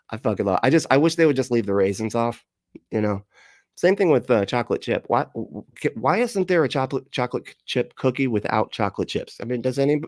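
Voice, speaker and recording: A man's voice: mid-range voice, a little mellow, dry recording. A man ranting and laughing through live reaction commentary, profane and exasperated, on a close mic. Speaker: commentary streamer.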